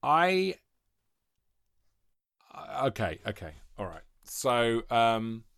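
A man telling an animated story in casual podcast chat, swearing and laughing as he goes. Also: mid-range voice, drawn-out words, smooth, no echo, clean studio sound. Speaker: podcast guest.

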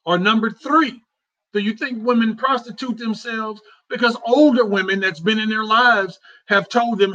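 A man with a high, bright voice hosts a casual talk show. He talks in a heartfelt, repetitive, conversational way, and the recording sounds dull and lo-fi. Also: fairly even intonation, normal speed. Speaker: host.

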